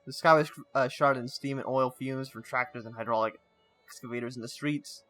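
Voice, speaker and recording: Soft music plays behind this gaming channel host as he reads a story game's text aloud, stumbling here and there and breaking off for offhand remarks. He talks fairly quickly, with a medium pitch, fairly even intonation, and a slightly bright tone.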